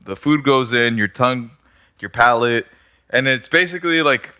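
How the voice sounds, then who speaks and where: A man co-hosting a casual podcast chat, animated and quick to laugh, swearing often as he explains things. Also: mid-range voice, smooth. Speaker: podcast co-host.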